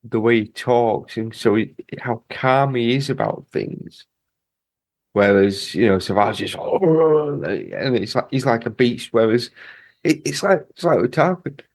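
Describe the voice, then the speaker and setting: A man's voice: medium pitch, animated, unhurried, darkish tone, dry recording. A man co-hosting a podcast, chatting casually and thinking aloud with hesitant phrasing. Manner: thoughtful, hesitant, builds ideas aloud. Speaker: podcast co-host. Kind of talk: casual chat.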